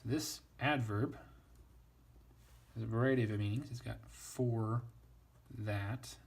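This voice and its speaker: A man's voice: fairly low pitch, slow, vocal fry, husky. A man teaching Latin translation in a casual, thinking-aloud way, wry and self-deprecating.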